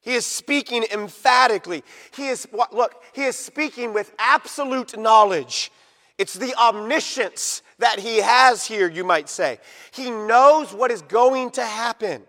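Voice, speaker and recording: A man preaching a sermon as pastor, emphatic, swinging from loud to hushed and drawing words out for stress, in a church sanctuary. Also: very high voice, a little slow. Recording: long reverb of a large hall.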